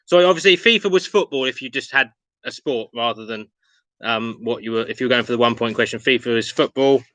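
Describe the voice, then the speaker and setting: A man's voice: mid-range voice, fairly quick, bright, forceful tone, no room sound, low-quality recording. A man hosting an online pub quiz, reading questions and answers with chatty, self-mocking asides. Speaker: quiz host.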